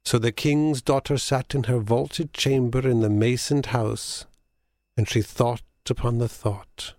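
A man reading a fable aloud as a scripted narration, measured and solemn. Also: medium pitch, steady tone, darkish tone, dry recording, clean studio sound.

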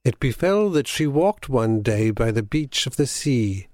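A man reading a fable aloud as a scripted narration, measured and solemn. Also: mid-range voice, sing-song, darkish tone, dry recording, studio quality.

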